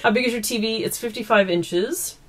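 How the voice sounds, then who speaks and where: A woman's voice: fairly high pitch, fairly quick. A woman from East Coast Canada, chatting casually and giggling as she answers viewer questions at home into a camera mic. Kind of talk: casual Q&A chat.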